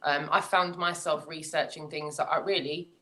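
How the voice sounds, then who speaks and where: A woman's voice: deep voice, steady tone, moderate pace, sharp tone. An English woman on a video call, telling a long story casually and hedging a lot with "kind of". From England. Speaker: guest panelist.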